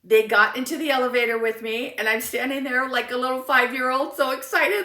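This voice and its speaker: A woman motivational speaker telling a personal story in an animated, enthusiastic way. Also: high voice, a little fast, hardly any pauses, roomy sound, far from the mic.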